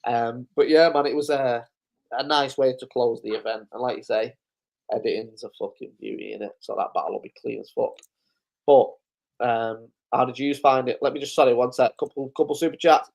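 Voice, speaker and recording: In a medium-pitched, creaky voice with a darkish tone, the host keeps things steady and fairly quick. It's a casual live-stream recap where he swears a lot and chuckles through each loose anecdote.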